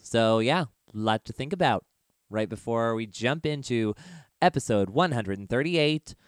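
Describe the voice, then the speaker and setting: Rich: An upbeat man hosts a podcast, his pitch bouncing up and down as he chats through the news. His voice is smooth and clean on a dry, close mic. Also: animated, unhurried, dry recording. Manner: upbeat, chatty. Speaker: podcast host. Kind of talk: casual podcast announcements.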